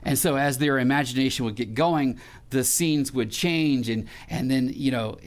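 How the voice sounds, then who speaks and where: A man's voice: mid-range voice, moderate pace. A middle-aged male pastor preaching a sermon in a conversational way, with restarts and questions put to the congregation.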